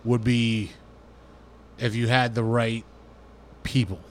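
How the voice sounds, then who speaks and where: A man talking casually as a guest, thinking aloud in halting bits with restarts. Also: medium pitch, little pitch movement, slight background noise. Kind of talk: casual chat.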